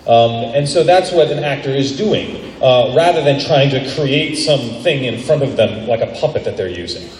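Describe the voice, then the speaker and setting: Animated guy explaining acting on a convention panel, lively pitch, big echoey hall heard from far back. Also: moderate pace, slight background noise. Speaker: voice actor and acting teacher. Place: large convention panel room.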